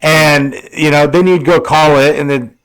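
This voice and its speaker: Man, forties, podcast co-host; slightly high voice, rambling, profane, filler-heavy. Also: steady tone, measured pace, a crowd in the background, low-quality recording. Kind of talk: casual chat.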